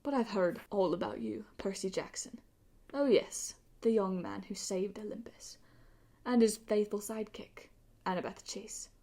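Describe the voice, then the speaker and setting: A woman's voice: medium pitch, unhurried, dark tone, close to an everyday voice. Chrysaor, a sneering pirate villain, as a woman puts him on. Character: arrogant bitter male pirate villain, Medusa's son.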